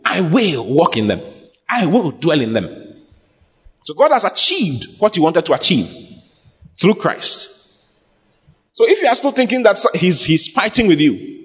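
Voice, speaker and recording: A man preaching a sermon to a congregation, emphatic and repetitive, building up to shouts. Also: fairly high pitch, very animated, normal speed, breathy edge. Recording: dull lo-fi recording with long hall reverb.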